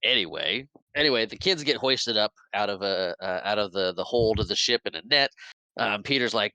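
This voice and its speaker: A man co-hosting a podcast in casual chat, retelling a film with animated energy, acting out the lines and laughing often. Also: fairly low pitch, moderate pace, no room sound, poor audio. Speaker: podcast co-host.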